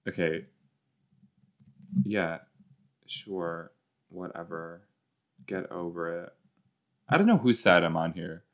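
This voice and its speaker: A man's voice: low-pitched, animated, slow pace, pauses often. A man hosting a rewatch podcast, giving rambling, jokey reaction commentary that often trails off.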